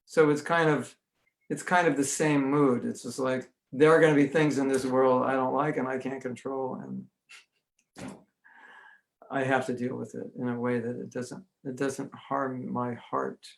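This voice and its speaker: A man's voice: mid-range voice, flat delivery, unhurried, vocal fry. An American man, a spiritual teacher, giving an online religious class in a humorous, anecdotal way with frequent chuckles. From United States.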